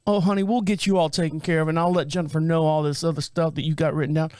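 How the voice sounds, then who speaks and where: A man's voice: a little high, fairly even intonation, quick pace, a little mellow, no room sound, clean studio sound, natural voice. A man voicing a chatty female clinic receptionist with a Southern accent who calls everyone honey. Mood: sweet.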